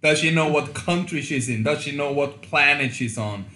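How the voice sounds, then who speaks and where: A man co-hosting a podcast with a bright, forward voice. He jokes in a crude, teasing way, and his voice rings in an echoey room. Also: fairly high pitch, moderate pace. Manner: joking, crude. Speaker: podcast co-host. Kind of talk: casual podcast chat.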